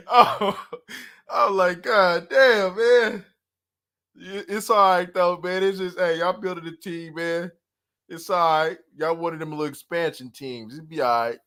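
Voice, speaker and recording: Animated high-voiced sports talker. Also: male voice, unhurried. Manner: animated, laughing, swearing, slangy. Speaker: sports YouTuber. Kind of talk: casual sports chat.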